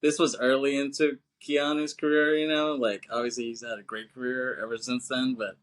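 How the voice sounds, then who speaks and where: A man in mid-pitch chats loosely through a movie recap on a podcast, stacking fillers as he goes. He laughs often and jumps into louder, higher voices to act out what the characters say. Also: flat delivery, moderate pace. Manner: rambling, laughs a lot, acts out quotes in raised voices. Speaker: podcast co-host. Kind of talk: casual movie recap chat.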